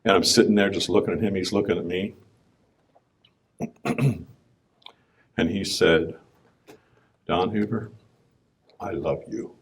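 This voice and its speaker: Brief: deep-voiced businessman, storytelling testimony at a conference, folksy and conversational. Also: fairly even intonation, measured pace, pauses often. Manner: conversational storytelling, clears throat often. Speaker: business owner speaking at a conference. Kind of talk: personal testimony talk.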